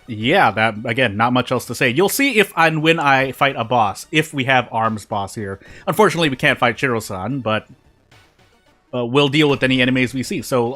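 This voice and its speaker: A man's voice: mid-range voice, sharp tone. A man streaming a game, chatting casually as he plays and eats, often repeating himself and restarting his sentences, with faint game music behind him. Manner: rambling, repeats phrases and restarts mid-sentence; talks while eating. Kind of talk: casual gameplay commentary.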